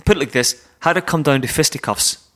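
A man's voice: on the high side, brisk, sharp tone. A man co-hosting a podcast, telling a self-deprecating story in casual chat. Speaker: podcast co-host.

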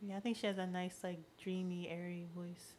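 A woman's voice: on the low side, flat delivery, darkish tone. A woman co-hosting a podcast, chatting playfully and casually with friends. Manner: chatty, playful, quick to tease. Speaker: podcast co-host. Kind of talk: casual chat.

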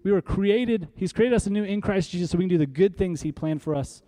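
A man's voice: sits high, fast talker, mellow. A man preaching a sermon, leading the congregation in call-and-response and building to emphatic, rallying peaks. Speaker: pastor. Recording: faint music behind.

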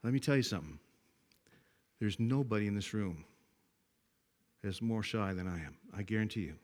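An older man preaching a sermon, telling folksy stories that swing from hushed to loud. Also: lowish voice, expressive, normal speed.

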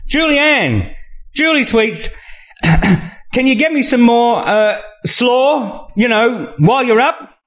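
A man voicing a loud, brash, greedy woman at a party who bellows crude demands. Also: a little high, lively intonation, takes it slowly, voice pushed up. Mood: bellowing.

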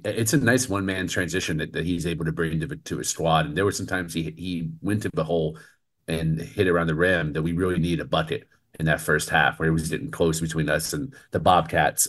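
A man co-hosting a casual postgame basketball chat, opinionated and animated, laughing often. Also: low voice. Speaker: co-host of a postgame show.

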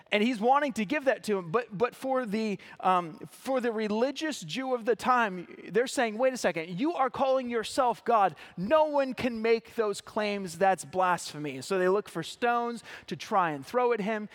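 A pastor with a notably high voice for a man delivers an earnest sermon. He reads scripture passages aloud and then explains them, now and then restarting a phrase or adding an "uh.". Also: fairly bright tone. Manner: occasional restarts and filler words.

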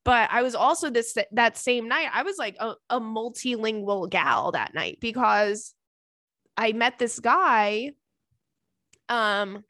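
A young adult woman hosting a podcast, telling stories in a casual, animated way, laughing often and acting out what her friends said. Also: fairly high pitch, takes it slowly, dry recording, clean studio sound. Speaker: podcast host. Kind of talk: casual storytelling chat.

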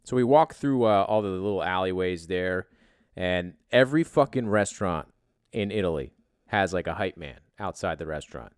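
A man's voice: low-pitched, expressive, normal speed, clear, resonant tone, dry recording, studio quality. A man telling a rambling travel story in a profane, self-deprecating, casual way.

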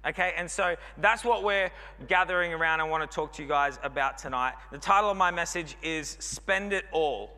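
A man's voice: a little high, normal speed, few pauses, pushed and bright. A man in his thirties with an Australian accent, preaching a sermon in a chatty, joking, rambling way full of fillers. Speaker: pastor. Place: church hall. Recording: long hall reverb.

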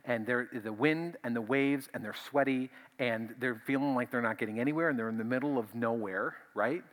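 A male pastor preaching a conversational, animated sermon, often repeating himself as he builds a point. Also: mid-range voice, a little fast.

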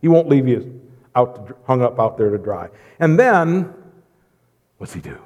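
A middle-aged man preaching a lively, joking sermon in church, swinging between loud bursts and hushed asides. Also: medium pitch, normal speed, dull audio. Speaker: pastor. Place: church sanctuary. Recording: long hall reverb.

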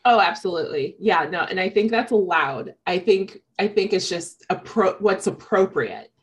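A woman co-hosting a podcast shares her view in casual chat. She speaks in a thoughtful, hesitant way with many fillers. Her voice is low-pitched. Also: expressive, moderate pace, muffled recording. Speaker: podcast co-host.

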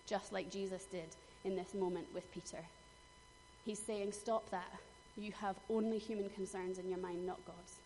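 A middle-aged woman preaching a sermon, telling personal stories in an earnest way, with emphatic bursts. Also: medium pitch. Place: church hall. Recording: long hall reverb, faint noise.

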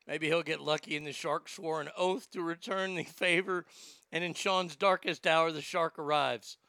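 A man's voice: on the high side, steady tone, normal speed, pushed and bright, clean tone, dry recording. A man delivering a profane, blustering comedic rant, stammering when worked up.

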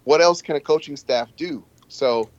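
Male podcast co-host, mid-pitched, measured and reasoned, slightly lo-fi recording. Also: no echo. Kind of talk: casual football podcast chat. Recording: slightly dull, lo-fi sound.

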